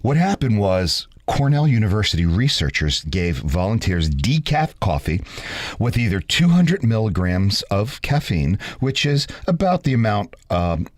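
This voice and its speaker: A man's voice: fairly low pitch, measured pace, dry recording. A man co-hosting a radio show, teasing and joking in casual banter, then explaining a study. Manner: teasing, jokey, animated storytelling.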